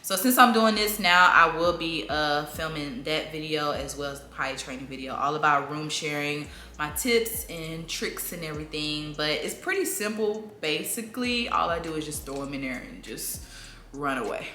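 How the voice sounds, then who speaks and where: A young woman chats through a casual parenting Q&A, laughing easily and jumping into playful high voices when she shows how she talks to her toddler. Her tone is bright and a little low-pitched, and the sound carries the echo of a bare room at home with a faint hum behind her. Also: moderate pace. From southern United States. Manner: chatty, laughs often, lively acted-out baby-talk bursts. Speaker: mom vlogger answering viewer questions. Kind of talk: casual sit-down Q&A. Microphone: camera mic. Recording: echoey room, faint room noise.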